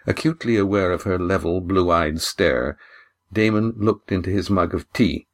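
Deep-voiced male audiobook narrator. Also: normal speed.

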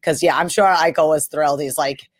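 A woman from the Buffalo area co-hosting a casual sports podcast, talking in a rambling, animated way with frequent laughs and the odd swear word. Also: deep voice, fairly quick, no room sound, clean studio sound. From Buffalo area, USA. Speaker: podcast co-host.

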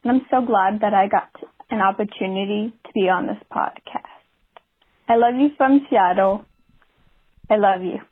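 A woman leaves a gushing, grateful voice message over a tinny phone line. Her voice is husky and slightly breathy. She speaks with earnest warmth. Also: medium pitch, moderate pace. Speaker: caller. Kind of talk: recorded voice message.

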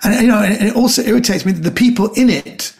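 A man's voice: sits high, fast, gravelly. A middle-aged man, a comedian guest on a podcast, chatting casually and telling rambling stories, acting out the quotes.

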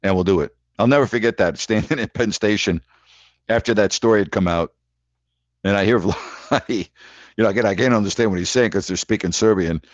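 Male call-in host, low and blunt, emphatic repeater, dry dull lo-fi sound. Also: fairly quick, no echo. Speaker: show host. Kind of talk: casual call-in chat and storytelling.

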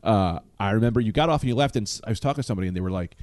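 A man who is a comedian guest on a podcast, telling anecdotes in an excitable, rambling way. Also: fairly low pitch, racing, dry recording. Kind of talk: casual chat.

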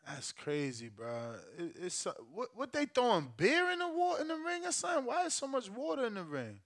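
A man hosting a live stream, reacting to a fight with loud, profane exclamations. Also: very high-pitched, fairly quick. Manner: excitable, profane, shouts and exclaims.

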